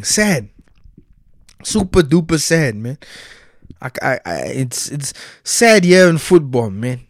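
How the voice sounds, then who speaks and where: A man's voice: mid-range voice, expressive, slow, no room sound, clean studio sound. A young South African man giving casual solo commentary, profane and heated, heavy with slang.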